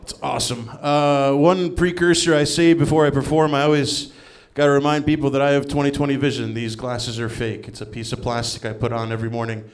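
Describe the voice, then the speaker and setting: A man's voice: medium pitch, flat delivery, brisk, few pauses. A man doing a stand-up comedy set with a wry, sardonic delivery. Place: comedy stage before a live audience.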